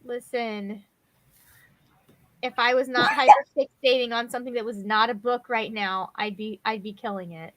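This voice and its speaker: A woman's voice: a little high, steady tone, normal speed, background noise. A young woman hosting a casual group chat over a video call, chatty and self-deprecating. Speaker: host.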